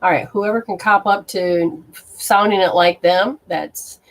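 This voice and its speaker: A woman's voice: on the low side, unhurried. A woman hosting a live stream as a spiritual reader, talking casually and bluntly with viewers, swearing and exclaiming as she goes. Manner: blunt and exclamatory, swearing, reacting aloud to sensations.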